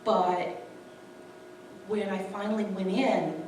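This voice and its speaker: A woman's voice: mid-range voice, steady tone, slow pace, a little mellow, a little hiss or hum. Earnest woman storyteller in echoey hall. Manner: earnest, acts out quoted dialogue. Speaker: speaker sharing her testimony. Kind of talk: emotional personal storytelling. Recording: echoey room, distant mic.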